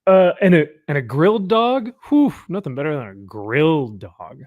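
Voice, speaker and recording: A young man from California hosts a relaxed livestream, cracking jokes, laughing easily and reading out viewer comments. His voice sounds close and dry, with no room around it. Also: on the high side, normal speed, no room sound, narrow, tinny audio. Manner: jokey, laughs often, reads viewer comments aloud. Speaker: livestream host. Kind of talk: casual chat.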